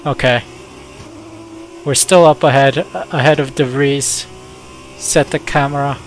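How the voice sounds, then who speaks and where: A chatty young man narrating his racing game as he plays, mid-pitched and casual with excitable asides. Faint noise sits under his voice. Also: slow pace. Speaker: gaming YouTuber. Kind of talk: casual gameplay commentary.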